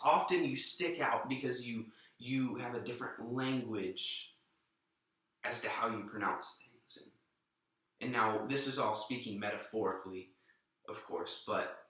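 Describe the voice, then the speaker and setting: A man's voice: medium pitch, pushed and bright, very echoey, recorded from a distance, rough recording. A young man giving a short, informal sermon, earnest and often restarting his sentences. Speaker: youth minister.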